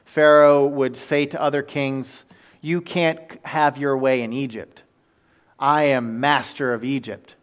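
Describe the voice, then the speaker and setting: Male preacher, mid-pitch, animated storyteller, casual sermon delivery. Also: unhurried, clean tone. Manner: animated storytelling with fillers and self-corrections.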